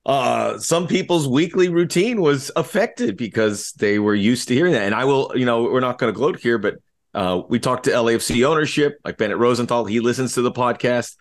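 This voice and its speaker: A man co-hosting a relaxed sports podcast, speaking at an ordinary middle pitch for a man. He is upbeat and jokey, and he scatters fillers through his talk. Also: a little fast. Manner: upbeat, joking, frequent fillers. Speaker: podcast co-host. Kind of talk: casual sports podcast chat.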